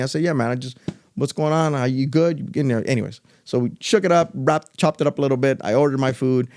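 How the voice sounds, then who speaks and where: A middle-aged man, a podcast co-host, telling a long story in casual conversation. His voice sits a bit high and the words tumble out fast. He slips into other people's lines as he goes, with a loose, animated delivery.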